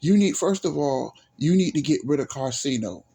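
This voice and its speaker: Male vlogger, mellow low timbre, blunt profane rant delivered to camera. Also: lively intonation, normal speed, creaky. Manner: blunt, profane and repetitive, lecturing. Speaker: YouTuber.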